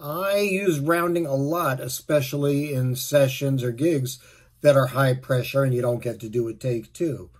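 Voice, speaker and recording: A middle-aged man, a musician, giving relaxed, rambling tips on playing his instrument. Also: medium pitch, a little slow. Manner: relaxed, rambling, with fillers and asides. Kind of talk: casual spoken tip video.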